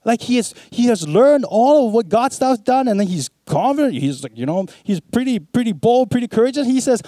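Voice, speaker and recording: A man preaching a sermon, swinging between hushed, low passages and emphatic, animated ones as he retells scripture. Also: brisk, few pauses, dry recording.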